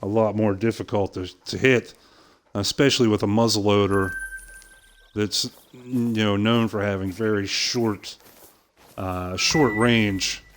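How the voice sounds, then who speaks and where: Older guy on a game stream, lowish voice, spinning a story and cussing a lot. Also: measured pace, a little hiss or hum. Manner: animated anecdote-telling with impressions and swearing. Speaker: gaming streamer. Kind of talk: casual storytelling while playing.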